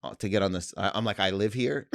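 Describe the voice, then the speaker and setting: A man's voice: on the low side, brisk, gravelly, no echo. A man co-hosting a comedy podcast, telling rambling stories in casual chat and laughing often. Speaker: podcast co-host.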